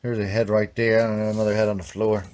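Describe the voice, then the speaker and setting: Male vlog host, relaxed and rambling, peppers his talk with "man" and slips into low mutters. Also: fast. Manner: laid-back, rambling, ends sentences with "man". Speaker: vlog host, guitar repairer. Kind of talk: casual workshop vlog.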